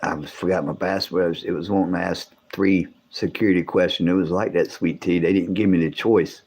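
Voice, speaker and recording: A man, hosting a casual livestream, rambling and swearing as he talks to his viewers, his voice gone deeper from coughing. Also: steady tone, fairly quick, a little mellow, breathy edge. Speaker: livestream host.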